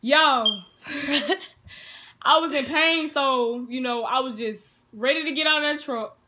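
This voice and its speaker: A young woman, telling a personal story in a casual storytime vlog, turning loud and excited. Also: sits high, measured pace, noisy background. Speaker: vlogger.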